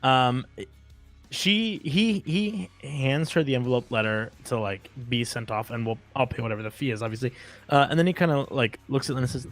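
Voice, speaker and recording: A man taking part in a tabletop role-playing game, loosely describing his character's actions. His voice sits at an average pitch. Soft music plays in the background. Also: expressive, moderate pace. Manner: casual with fillers and restarts. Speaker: player. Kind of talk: casual tabletop game play.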